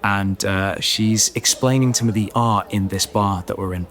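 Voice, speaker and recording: A man's voice: on the low side, normal speed. Self-mocking man telling a story. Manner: animated, self-mocking, chatty with many "right?" asides. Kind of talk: comic storytelling on a podcast.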